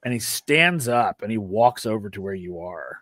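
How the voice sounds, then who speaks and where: A man's voice: lowish voice, expressive, moderate pace, fairly bright tone, no room sound. A man running a tabletop game, describing scenes with many fillers and hedges. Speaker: game master.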